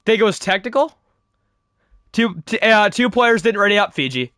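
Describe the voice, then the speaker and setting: A young man casting a live esports match, calling the play rapidly with joking asides. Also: high-pitched, animated, bright, forceful tone, no echo. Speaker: esports caster.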